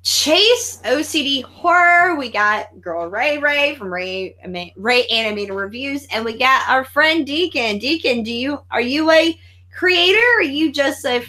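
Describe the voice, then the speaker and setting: A woman hosting a casual live stream chat over a video call, excitable and profane, with loud bursts. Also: sits high, measured pace.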